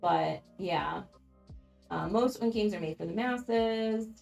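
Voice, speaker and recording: Chatty woman with a gravelly edge. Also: medium pitch, slow pace, a little mellow, soft background music. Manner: chatty, frank, frequent ums and laughs. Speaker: board game channel host. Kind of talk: casual livestream chat.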